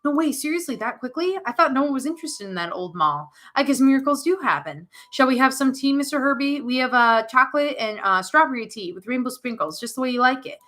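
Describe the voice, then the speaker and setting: A woman's voice: high-pitched, expressive, fast talker, hardly any pauses, fairly bright tone. A woman voicing an innocent, chatty little girl in an eager, sing-song manner. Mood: playful.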